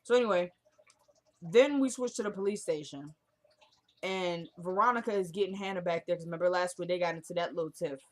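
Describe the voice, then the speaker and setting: A woman giving a casual, chatty recap of a TV drama episode, opinionated and quick to react out loud. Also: fairly low pitch. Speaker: TV recap vlogger.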